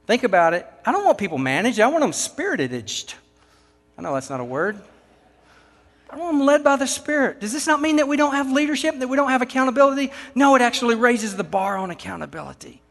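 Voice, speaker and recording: A high-voiced Texan man preaches with emphatic rhetorical questions, his voice ringing through a large hall. The long reverb trails each line. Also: animated, fast, gravelly, a bit bright. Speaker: pastor. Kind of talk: sermon.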